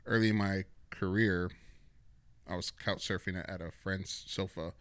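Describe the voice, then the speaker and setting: A man from San Antonio, a guest artist, telling a personal story in a relaxed, rambling way on a podcast, full of "dude" and "like". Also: low voice, moderate pace, dry recording. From San Antonio, Texas. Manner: laid-back, rambling, peppered with "dude" and "like". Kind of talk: casual storytelling in a podcast chat.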